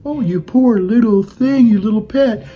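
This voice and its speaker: A man's voice: sits high, unhurried, mellow, slightly rough, faint music behind, voice pushed up, poor audio. A man putting on a cooing, patronizing adult who talks in sing-song baby talk as if soothing a small child.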